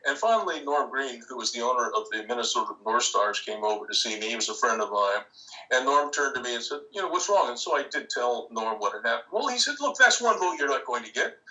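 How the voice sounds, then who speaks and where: An older man, a podcast guest telling a long anecdote in an animated way, acting out other people's lines. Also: mid-range voice, far from the mic, poor audio. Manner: animated, acts out quoted voices. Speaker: interview guest. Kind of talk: storytelling anecdote.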